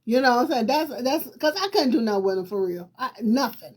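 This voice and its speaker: A middle-aged woman from Virginia hosts a talk show and tells a personal story straight to her viewers. Her voice sits high, and her telling is lively and emphatic. Laughter often breaks into her words. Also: brisk, few pauses, husky.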